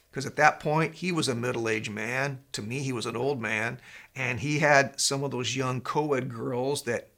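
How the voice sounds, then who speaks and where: A man preaching a sermon as pastor, telling stories in an animated, conversational way. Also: on the high side, creaky.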